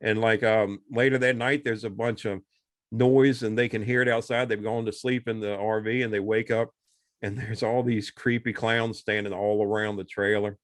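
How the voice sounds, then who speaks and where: This is casual podcast chat: the male co-host rambles through a movie's story, animatedly acting out what the characters say. His voice is lowish, the pace moderate, and the studio-quality sound has no room tone.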